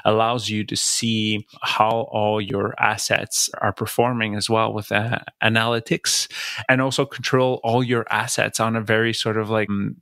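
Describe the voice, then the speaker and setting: A man with a French accent talks through his points calmly, leaning on fillers as he explains step by step. His voice sits on the low side and sounds close and dry, with no room around it. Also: moderate pace, vocal fry, no echo. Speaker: podcast co-host. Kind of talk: casual explanatory chat.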